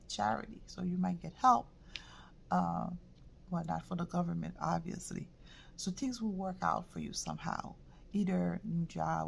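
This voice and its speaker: A woman giving a casual tarot reading, halting and reflective, often repeating words and dropping into soft whispers. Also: lowish voice, gravelly, slight background noise. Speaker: tarot reader.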